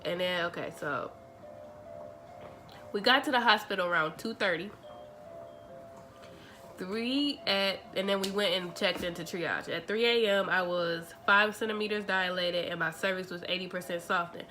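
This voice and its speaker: A young woman, telling a story to her vlog audience in a chatty, animated way, acting out the dialogue. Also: lowish voice, normal speed, long pauses, faint music behind. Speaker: vlogger. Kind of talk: casual storytelling.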